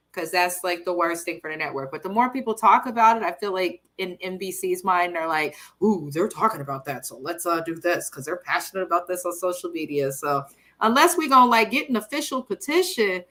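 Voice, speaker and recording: A woman's voice: lowish voice, sharp tone. A woman co-hosting a casual chat, speaking frankly and animatedly with casual swearing. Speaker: co-host.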